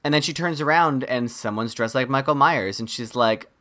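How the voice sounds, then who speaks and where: A man with a mid-pitched, everyday voice co-hosts a casual movie podcast. He retells scenes in a lively way and slips into the characters' lines as he goes. The talk is loose and conversational. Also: moderate pace. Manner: animated retelling, quotes characters in mock voices. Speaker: podcast co-host. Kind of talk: casual comedic movie recap.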